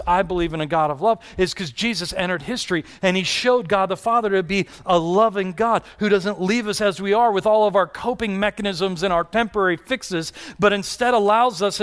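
A man's voice: sits high, a bit bright, clear, resonant tone. A man preaching a sermon in an earnest style, with rising and falling delivery and repeated questions to the congregation. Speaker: pastor.

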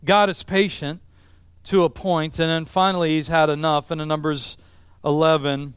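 A middle-aged man delivers a sermon as pastor, his voice pitched high and sounding smooth and resonant. He builds his points through emphatic repetition, and the sound is dry and close. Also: flat delivery, moderate pace, a bit bright, no room sound. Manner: emphatic, repetitive preaching cadence.

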